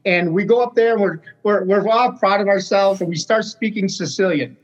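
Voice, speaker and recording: A man in casual chat, telling an animated story about a trip. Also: high voice, normal speed. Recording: dull lo-fi sound.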